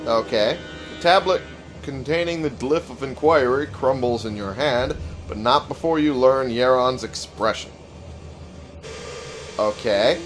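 Slow-talking man over game music. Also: medium pitch, low-quality recording. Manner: slow, swearing, reads item text aloud with wry jokes. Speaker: gameplay commentator. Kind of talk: casual let's-play commentary.

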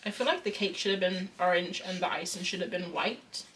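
A woman's voice: lowish voice, a little fast, a bit bright, distant mic, a little hiss or hum. A young woman chatting casually on a drawing livestream. She rambles and reads chat messages aloud. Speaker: art streamer. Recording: voice slightly off-mic with faint music.

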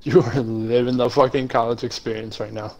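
A man's voice: medium pitch, fairly even intonation, fairly quick, a little mellow. A man on voice chat with a friend who laughs a lot and teases in a profane, joking way. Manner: laughs often, teasing and profane. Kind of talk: casual gaming chat.

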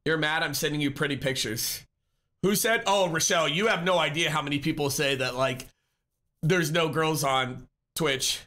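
A man's voice: fairly high pitch, moderate pace, sharp tone. A man live-streaming, chatting casually and upbeat with his viewers, greeting and answering them by name.

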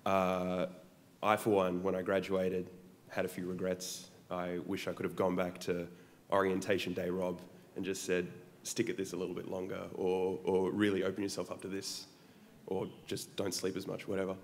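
A man's voice: low-pitched, monotone, normal speed, a little hiss or hum. A man from the audience asking a friendly, rambling question.

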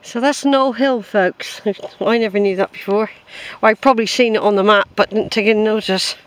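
A man's voice: sits high, steady tone, normal speed, a bit bright, rough recording. A man chatting to viewers while hiking outdoors, rambling and friendly, filmed on a handheld camera. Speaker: hiker filming his walk. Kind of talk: casual walking vlog. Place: outdoors on a hillside path.

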